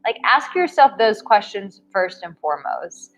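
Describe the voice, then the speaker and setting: A woman's voice: mid-range voice, big pitch swings, a little slow, fairly bright tone, rough recording. Encouraging woman dating coach on live stream. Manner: upbeat, encouraging, talks straight to viewers. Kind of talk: live-stream Q&A reading chat comments.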